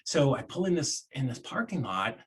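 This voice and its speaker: A man's voice: medium pitch, moderate pace. A man, a real estate investor, telling a personal story in a casual interview, acting out the voices of the people in it. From Florida, USA. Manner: animated storyteller, acts out quoted voices, many restarts.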